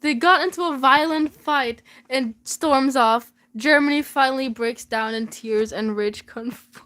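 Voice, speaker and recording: A young woman reads her old fanfiction aloud, breaking into giggly disbelief. Her voice is high, and her delivery is slow and unhurried. She stays casual and self-mocking. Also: fairly bright tone. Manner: giggly, incredulous commentary. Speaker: vlogger.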